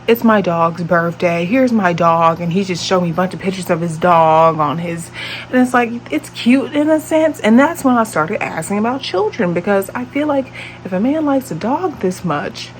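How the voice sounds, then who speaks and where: A woman's voice: mid-range voice, animated, normal speed, a little hiss or hum, poor audio. A woman in her late twenties telling a dating story on her vlog in a blunt, profane, exasperated way. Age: late 20s. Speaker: vlogger.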